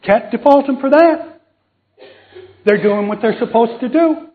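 A man's voice: very high-pitched, a little slow. A man preaching a casual sermon, telling a Bible story, acting out the voices and joking with the audience. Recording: tinny phone-like sound.

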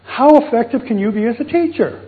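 High-pitched guy preaching, jokey, keeps asking the crowd questions, sounds like it's over a phone line. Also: lively intonation, brisk. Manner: jokey, quizzes the congregation. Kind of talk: sermon. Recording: tinny phone-like recording.

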